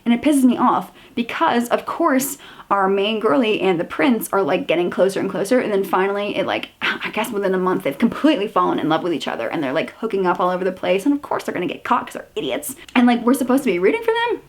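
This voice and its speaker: A woman's voice: medium pitch, sing-song, fast. Chatty woman ranting about books. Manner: chatty, filler-heavy, exasperated ranting. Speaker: book reviewer. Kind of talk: casual book review chat.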